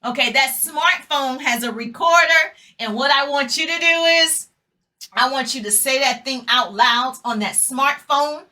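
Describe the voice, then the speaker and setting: Woman motivational speaker, middle-aged, high bright voice, emphatic and repetitive. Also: unhurried. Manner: emphatic, repetitive call-and-response exhortation. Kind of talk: motivational talk to an audience.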